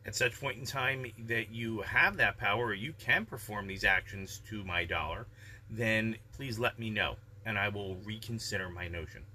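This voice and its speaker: A man giving calm, measured, reflective life advice in a casual daily vlog monologue. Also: fairly low pitch, a little hiss or hum.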